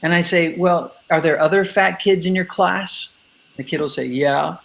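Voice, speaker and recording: A man with a somewhat high voice and a gravelly fry, talking as an interview guest. He explains his points with emphasis and keeps slipping into the voices of the kids he quotes. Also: steady tone, normal speed, a bit bright, low-quality recording. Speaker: anti-bullying speaker and educator.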